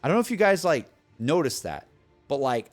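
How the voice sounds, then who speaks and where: A young man chatting casually with his stream viewers, animated and excitable, with lots of restarts and fillers. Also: fairly high pitch, brisk, faint music behind.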